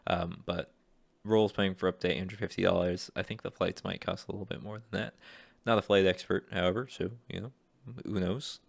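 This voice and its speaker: Hesitant young man with a gravelly voice. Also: low voice, dry recording. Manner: rambling, hesitant, self-deprecating. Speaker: aspiring voice actor. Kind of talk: casual screen-share vlog.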